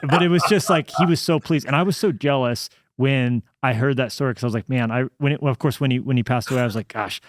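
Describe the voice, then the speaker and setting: A man co-hosting a podcast interview, telling stories in quick bursts when he gets excited. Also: medium pitch, background noise. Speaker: podcast co-host. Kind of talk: casual interview chat.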